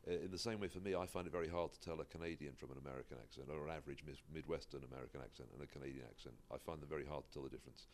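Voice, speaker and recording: Very deep-voiced British man, chatty. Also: very fast, hardly any pauses, darkish tone. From United Kingdom. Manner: chatty, self-deprecating, laughs often. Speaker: stand-up comedian, podcast guest. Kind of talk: casual podcast chat. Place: Michigan-based.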